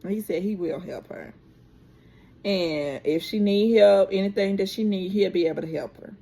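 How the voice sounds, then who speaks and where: A woman vlogger chatting through a casual, animated recap of a TV episode. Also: mid-range voice, creaky. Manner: chatty, animated, drawn-out storytelling.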